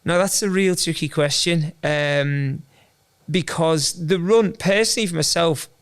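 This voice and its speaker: A man's voice: on the high side, a little slow, clean tone. A man, a guest telling his story in a chatty, rambling way with self-deprecating humor. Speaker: guest, endurance runner. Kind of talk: casual interview chat.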